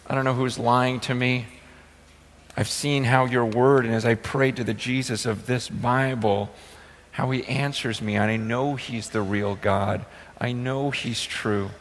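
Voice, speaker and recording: A middle-aged man preaching a sermon as pastor, earnest and storytelling, acting out quotes with sudden loud bursts. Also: medium pitch, big-room sound.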